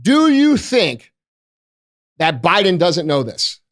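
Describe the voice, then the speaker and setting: An American man with a high-set voice rants as a podcast host, profane and forceful, firing off one rhetorical question after another. The sound is dry and close, with no room around it. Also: wildly swooping pitch, takes it slowly, no room sound. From United States. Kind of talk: ranting podcast monologue.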